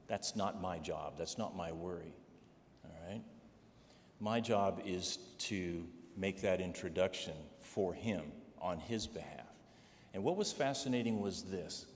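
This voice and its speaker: A man with a somewhat low voice preaches, building a personal story and pausing for "all right?" asides to the congregation. His voice rings through a church hall with a long echo. Faint noise sits underneath it. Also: darkish tone. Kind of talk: sermon testimony. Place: church sanctuary.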